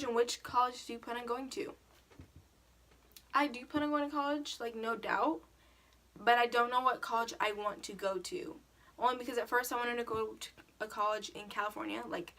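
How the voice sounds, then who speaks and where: A woman's voice: mid-range voice, a bit bright. A teenage girl telling stories and answering questions in a casual vlog, chatty and full of "like". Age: teens. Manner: chatty storytelling, lots of "like". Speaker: vlogger.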